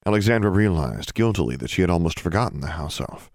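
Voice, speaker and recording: A man narrating an audiobook in an even, measured reading. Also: sits low, no room sound, studio quality. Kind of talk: scripted narration.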